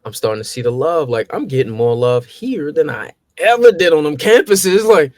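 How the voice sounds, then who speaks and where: Animated young man telling street stories. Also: moderate pace, dry recording. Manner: animated, acts out his own past exchanges with rising pitch. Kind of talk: casual storytelling.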